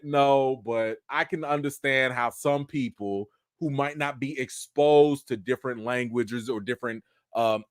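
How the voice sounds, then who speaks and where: A man of Haitian background hosting a casual livestream review, talking to viewers in a playful, animated way. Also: medium pitch, no room sound, studio quality. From Haitian family. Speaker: host.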